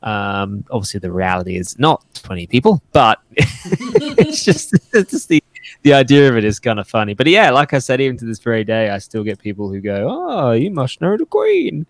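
A man from England with an English accent softened by years in the US, chatting casually about his podcast and fitness work, laughing often and acting out what others say. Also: fairly low pitch, sing-song, a little fast, dry recording. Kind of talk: casual chat.

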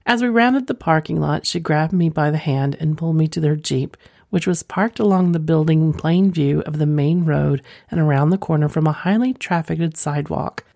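Low, mellow-voiced woman podcast host. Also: no echo, clean studio sound. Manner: playful, chatty, rambling asides. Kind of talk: reading a listener letter aloud, then casual chat.

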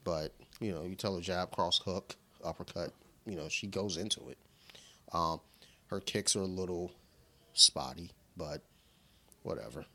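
A low-pitched man with a bright, forward tone, chatting loosely on a podcast over beers. He swears often and drifts into his young daughter's lines when he tells stories. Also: a little slow, vocal fry, pauses often. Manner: laid-back, swears freely, quotes his daughter in voices. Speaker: podcast co-host. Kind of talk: casual chat over beer.

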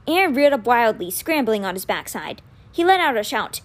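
A woman reading chapters of a children's novel aloud in an expressive, animated storytelling manner. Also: on the high side, brisk.

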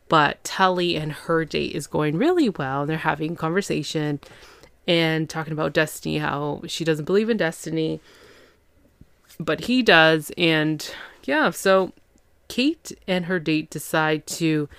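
Chatty low-voiced woman with a creaky edge. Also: dry recording. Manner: chatty, filler-heavy, slips into quick impressions of characters. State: tired after a long day. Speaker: podcast host recapping a TV series. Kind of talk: casual chat.

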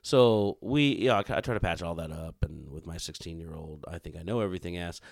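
A man's voice: low-pitched, a little fast, creaky, no echo, studio quality. A man in his thirties co-hosting a podcast, telling a rambling, profane story in casual chat. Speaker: podcast co-host.

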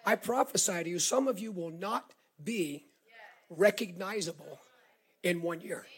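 High-voiced husky Southern preacher man. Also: unhurried. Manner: animated storytelling preacher, repeats words, rises to shouts. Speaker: pastor. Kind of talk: sermon.

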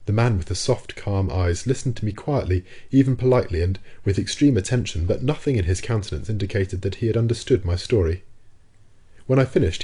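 Deep, husky male audiobook narrator. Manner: steady, measured storytelling. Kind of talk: scripted narration of a classic novel.

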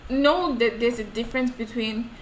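Higher-voiced young woman, echoey room. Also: moderate pace. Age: 20s. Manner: expressive, laughs easily, uses examples. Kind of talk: casual chat. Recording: echoey room with faint noise.

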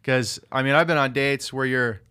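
A man in casual conversation whose voice is bright and forceful. He swears constantly and tells animated stories, slipping into the voices of people he quotes. He sounds like an everyday working guy who wants to be a comedian. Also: mid-range voice, normal speed, clean tone. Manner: profane, animated storytelling with acted-out voices. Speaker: electrician and aspiring comedian. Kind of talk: casual chat.

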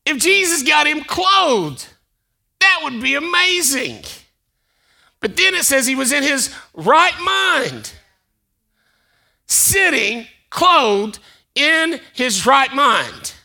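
A man preaching a sermon as pastor, chatty and conversational, building up to shouted emphasis. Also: very high voice, very animated, takes it slowly, gravelly, pauses often.

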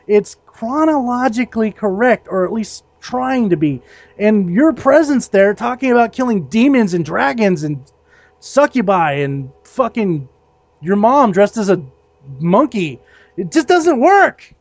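High-voiced man on a heated rant. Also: expressive, a little slow, a little mellow, dry recording. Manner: ranting, heated, heavy swearing. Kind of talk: casual chat.

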